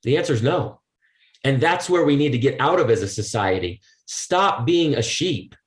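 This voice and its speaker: Man, motivational speaker, forceful, rhetorical questions, mid pitch, echoey room. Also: animated, normal speed. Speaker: podcast guest, motivational speaker. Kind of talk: emphatic podcast conversation.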